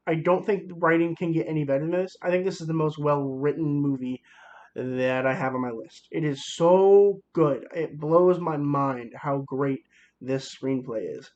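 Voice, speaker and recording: A man's voice: on the high side, lo-fi sound. A young man giving a casual movie review, enthusiastic and rambling, with many fillers and restarts.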